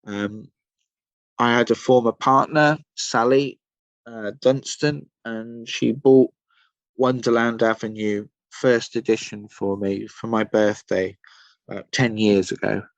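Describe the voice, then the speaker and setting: A man's voice: fairly low pitch, fairly even intonation, slow, gravelly, no room sound, dull audio. An English man from Somerset, a musician guest telling rambling, enthusiastic stories in a casual podcast chat. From Somerset, England. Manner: rambling, enthusiastic storytelling with many fillers.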